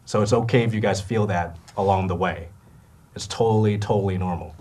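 A young adult man from Canada, an actor telling animated stories about his work and acting out the people in them. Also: fairly low pitch, a little fast. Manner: lively storyteller who acts out quoted voices and laughs often. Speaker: actor guest.

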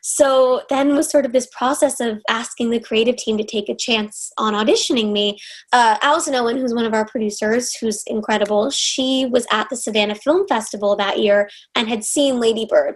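A young woman from Los Angeles, in her twenties, recounts her career in a chatty, earnest interview. Her voice sits a little high, and she gushes, often stopping to restart a thought. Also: low-quality recording. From Los Angeles, USA. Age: 20s. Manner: earnest, effusive, with frequent restarts. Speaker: actress, interview guest. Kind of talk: conversational interview storytelling.

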